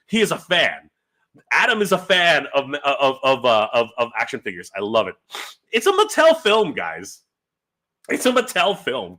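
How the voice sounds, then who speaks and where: A man in his forties hosting a live reaction stream, excited and rambling, stumbling over his words as he reads out viewer comments. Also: a little high. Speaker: YouTube host.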